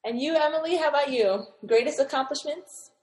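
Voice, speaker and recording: A woman's voice: sits high, fairly quick, darkish tone. Young woman hosting in an echoey room. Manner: upbeat, encouraging. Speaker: host, moderator. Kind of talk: casual panel chat.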